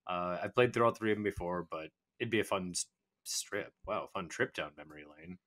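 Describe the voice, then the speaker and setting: A man's voice: deep voice, brisk, fairly bright tone. A man co-hosting a casual podcast chat with wry, self-deprecating humor. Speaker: podcast co-host.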